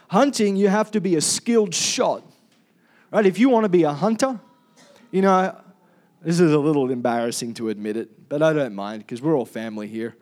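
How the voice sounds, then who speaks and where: High-voiced pastor preaching. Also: male voice, a little mellow. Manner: casual, jokey, calls for amens. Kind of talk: sermon.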